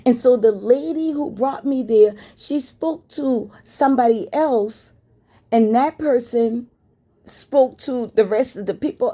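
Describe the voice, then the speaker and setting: A woman's voice: a little high, warm tone. A woman telling a story to her viewers in a blunt, frank way, with swearing. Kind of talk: casual story time.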